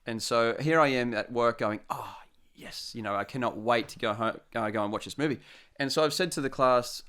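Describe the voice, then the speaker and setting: A young man, a podcast co-host, telling stories in animated casual chat and laughing often. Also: mid-range voice, brisk, smooth.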